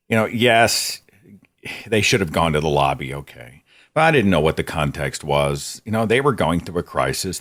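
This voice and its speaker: Low in pitch but a bit bright, this podcast host's voice carries a reflective personal story. He speaks conversationally, openly and with some self-criticism.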